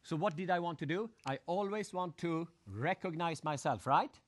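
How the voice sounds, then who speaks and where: A man giving a live motivational seminar talk, animated, acting out crowd shouts and putting questions to his audience. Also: fairly high pitch, moderate pace. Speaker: motivational speaker.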